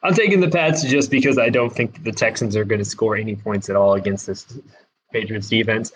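A man co-hosting a casual sports betting podcast, giving his picks in a relaxed, confident way. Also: on the low side, brisk, husky, poor audio. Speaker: podcast co-host picking games.

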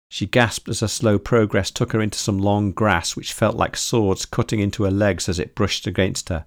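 A man reading a story aloud in steady, measured scripted narration. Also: fairly low pitch, no room sound, studio quality. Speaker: audiobook narrator.

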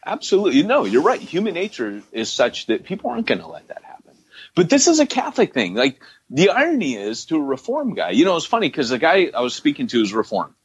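A man's voice: on the high side, wildly swooping pitch, fast, breathy edge, highs cut off. A man co-hosting a podcast, reading scripture passages aloud and explaining them emphatically in a conversational teaching style. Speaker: podcast co-host.

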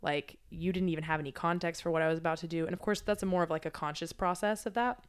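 Low, smooth-voiced woman, candid. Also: fairly even intonation, fast talker. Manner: candid, reflective, swears freely, many fillers. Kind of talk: casual chat.

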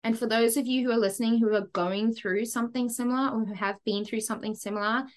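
A woman's voice: on the high side, quick pace. Frank woman telling her story. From Zimbabwe. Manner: frank and lively, with frequent asides and "right?". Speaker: podcast guest. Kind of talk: candid personal storytelling.

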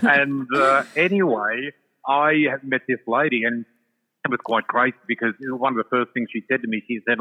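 A man's voice: medium pitch, normal speed. Older Australian man on a tinny line. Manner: warm, chatty, effusive, full of fillers. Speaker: psychic guest. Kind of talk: casual storytelling chat. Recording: tinny phone-like line with long reverb.

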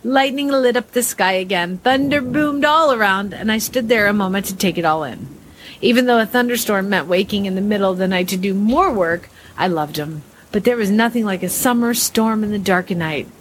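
A woman reading a listener's spooky story aloud, dramatic and expressive as she acts out the suspense and fright. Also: mid-range voice, brisk, slight background noise.

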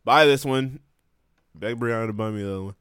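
Young male podcast co-host, mid-pitched, dry close mic, loose joking delivery full of puns. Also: a little fast, fairly bright tone, clear, resonant tone, no echo. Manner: joking, punning, laughs often. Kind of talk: casual podcast banter.

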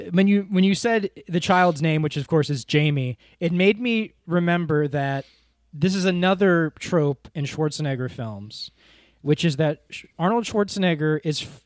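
A man's voice: fairly high pitch, dry recording, studio quality. A man co-hosting a podcast, talking animatedly about a film, laughing and jumping between tangents. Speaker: podcast co-host. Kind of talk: casual film-review chat.

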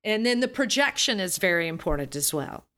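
Animated woman voice coach. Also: medium pitch, fairly quick. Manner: animated, demonstrates voices, drifts off on tangents. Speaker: voice and singing coach. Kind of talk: podcast interview guest.

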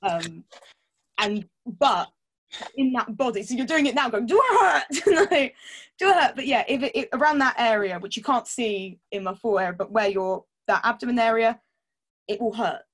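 A woman's voice: fairly high pitch, moderate pace. A woman chatting candidly as a podcast guest, laughing often and swearing casually. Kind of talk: casual chat.

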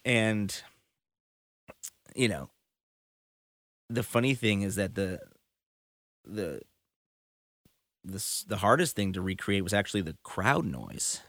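Gravelly low-voiced man telling stories. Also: very animated, slow pace, pauses often, fairly bright tone, no echo. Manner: rambling storyteller, many fillers. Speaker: touring musician guest. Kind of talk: casual conversation.

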